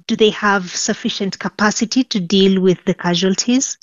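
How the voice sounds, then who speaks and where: A woman's voice: medium pitch, moderate pace, no echo. Woman presenter asking probing questions. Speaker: news presenter. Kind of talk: news interview. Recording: dull, dry studio sound.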